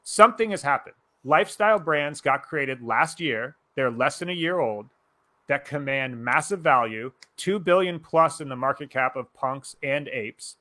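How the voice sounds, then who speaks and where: A man co-hosting a casual talk show over a video call, ranting loudly and swearing often. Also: mid-range voice, animated, moderate pace. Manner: loud, profane, ranting. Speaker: podcast co-host. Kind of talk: casual chat.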